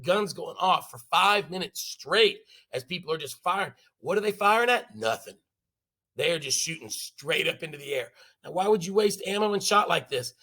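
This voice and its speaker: A man teaching a history class, telling the story in an animated, jokey way with sound effects. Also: on the high side, moderate pace.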